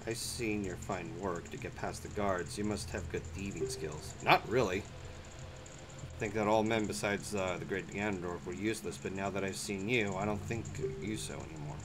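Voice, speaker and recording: Video-game voice: a man playing a proud female thief guard, low and mock-regal. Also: background noise, close to an everyday voice.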